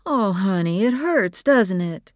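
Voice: medium pitch, steady tone, quick pace, no room sound, clean studio sound, lightly acted. Narrator voicing Caroline, a caring mother. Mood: soothing. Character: adult woman, a caring mother. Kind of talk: audiobook character voice.

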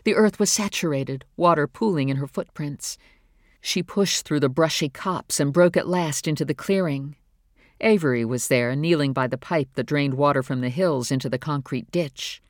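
A woman narrating a novel in a steady, measured reading voice. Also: sits low, no room sound, clean studio sound. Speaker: audiobook narrator. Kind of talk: scripted narration.

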